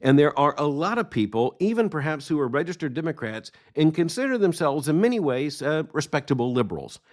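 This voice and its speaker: A middle-aged man hosting a daily news commentary show, reading out news quotes and responding in a measured, emphatic way. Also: a little high, big pitch swings. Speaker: podcast host.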